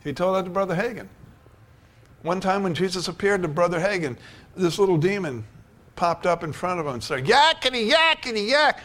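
A man's voice: sits high, fairly quick. An older man preaching a sermon, telling stories and building to emphatic declarations. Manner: storytelling, rising to emphatic preaching.

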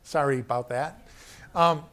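An older man preaching a sermon to his congregation, often dropping his voice low and then rising to loud, urgent emphasis. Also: a little slow. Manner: animated preaching, shifts from soft to loud.

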